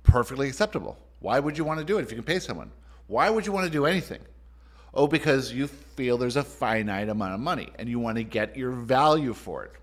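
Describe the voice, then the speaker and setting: A man hosting a call as a spiritual teacher, giving a motivational talk in an emphatic, sweeping way that speeds up and slows down. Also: mid-range voice, big pitch swings.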